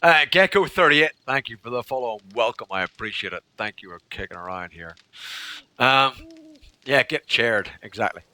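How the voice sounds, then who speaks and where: A man's voice: on the low side, moderate pace, bright, forceful tone. A man streaming a game live, reading chat aloud, thanking followers and joking with viewers.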